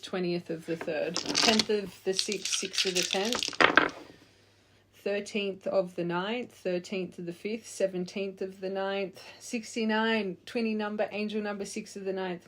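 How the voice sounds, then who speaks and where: A woman giving a casual intuitive card reading to her viewers, reeling off dates and signs in quick lists. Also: mid-range voice, heavy background noise. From Australia. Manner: chatty, warm farewells, reads numbers in quick lists. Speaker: tarot reader.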